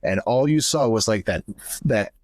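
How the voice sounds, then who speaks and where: A man's voice: lowish voice, expressive, normal speed, no room sound, clean studio sound. A young man, a podcast co-host, candidly retelling a painful family story and acting out the voices of the people in it. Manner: candid, emotional retelling, acts out quoted voices. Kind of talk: personal storytelling.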